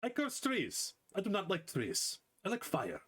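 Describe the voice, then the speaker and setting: A man's voice: high-pitched, wildly swooping pitch, measured pace, a bit bright, slightly rough, pitched above the performer's own voice, full character voice. A man voicing a proud young male hunter who has just run into a tree, dazed and sulky, with mock-grand grumbling.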